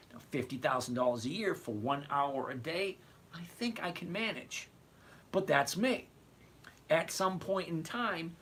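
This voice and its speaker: Chatty older man with a bright voice. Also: a little high, slightly rough. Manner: rambling, digressive, chatty, addresses viewers by name. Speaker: trading livestream host. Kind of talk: casual livestream chat answering viewer questions.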